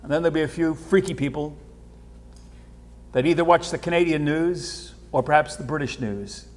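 A man preaching a sermon as pastor, animated, repeating words and swinging between hushed and loud. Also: on the high side, moderate pace. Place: church sanctuary. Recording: church hall with long reverb.

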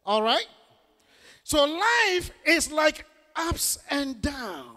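A male pastor delivers an emphatic sermon, often rising to a shout and drawing replies from the congregation. His voice sits very high and swings widely in pitch. The tone is bright and edged with gravel. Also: big pitch swings, drawn-out words. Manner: emphatic preaching with call-and-response.

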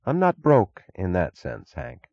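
A man's voice: mid-range voice, measured pace, vocal fry, no echo, muffled recording, pitched above the performer's own voice, full character voice. A man voicing a determined female railroad executive who speaks evenly and directly. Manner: even, direct, businesslike.

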